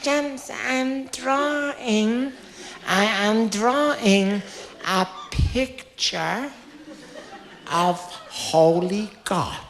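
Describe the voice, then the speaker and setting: A man with a Dublin accent voicing an earnest little schoolgirl who speaks haltingly and drags out her words. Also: very high-pitched, fairly bright tone, reverberant, exaggerated voice.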